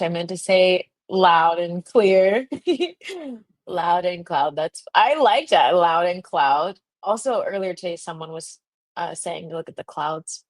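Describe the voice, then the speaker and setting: Speaking in a fairly low voice with no echo, this young female livestream host tells a casual story. She's giggly, laughs frequently and fills her speech with "like."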